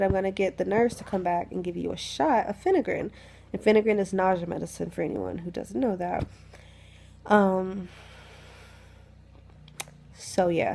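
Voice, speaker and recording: Young woman, sick with flu; relaxed candid storytime, gravelly voice, mid pitch, phone mic in bed. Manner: chatty and candid, swears freely, laughs often. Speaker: vlogger telling a story. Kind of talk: casual storytime chat. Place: lying in a bed at home.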